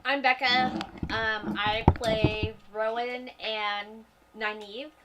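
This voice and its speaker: A woman introducing her characters in a tabletop game, hesitant and unhurried with many fillers. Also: fairly high pitch, little pitch movement. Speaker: player. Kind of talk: casual self-introduction. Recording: distant mic with faint noise.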